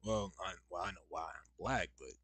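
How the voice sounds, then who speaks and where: With a low, slightly bright voice at normal speed and no echo, a young man chats casually on a live stream. He wanders from topic to topic, speaking straight to his viewers and sprinkling in slang.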